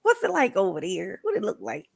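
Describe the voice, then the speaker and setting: A woman's voice: mid-range voice, wildly swooping pitch, fairly quick, vocal fry. A woman live streamer, chatting casually with viewers, rambling and laughing often.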